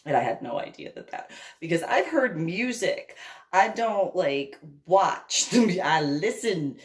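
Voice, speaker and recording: A woman's voice: lowish voice, very animated, a little slow. A woman from New Jersey telling a rambling personal story, laughing often and acting out the dialogue. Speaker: vlogger. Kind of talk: casual storytelling.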